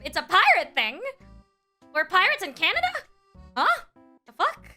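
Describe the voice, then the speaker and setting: A high-pitched woman streamer with a sharp, bright tone reacts out loud to a video. She is lively and incredulous, exclaiming and swearing freely. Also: normal speed, soft background music. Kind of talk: casual livestream reaction.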